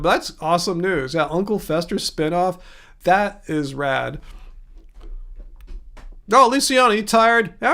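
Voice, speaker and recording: A Californian man in his fifties hosts a casual livestream in a fairly high, somewhat bright voice. He rambles as he chats, reading viewer comments aloud and thanking people by name.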